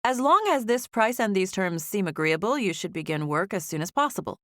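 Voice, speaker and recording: A woman voicing a businesslike female magazine coordinator in an audiobook, speaking crisply and matter-of-factly. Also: medium pitch, animated, brisk, no echo, studio quality, close to an everyday voice.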